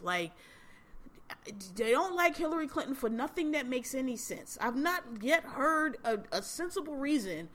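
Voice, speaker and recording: A woman's voice: high voice, sharp tone. A woman hosting a podcast, ranting casually and bluntly about politics, exasperated and profane, often restarting her sentences. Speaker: podcast host.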